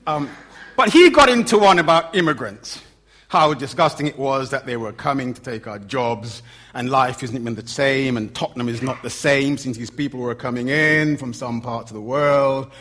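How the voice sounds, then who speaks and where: A middle-aged man preaching a sermon, swinging from loud emphatic lines to low quiet asides. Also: normal speed.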